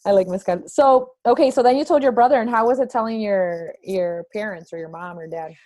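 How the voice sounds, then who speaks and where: A woman's voice: medium pitch, brisk, mellow. A woman hosting an interview, asking questions and encouraging her guest with short affirmations. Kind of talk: casual interview.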